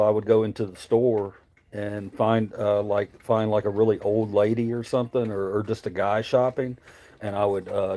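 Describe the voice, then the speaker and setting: A man's voice: on the low side, warm tone. A man with a Tennessee Southern accent, from Memphis, chatting casually and profanely on his livestream while answering viewer chat. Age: adult, married. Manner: rambling, profane, reads viewer chat aloud. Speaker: livestream host.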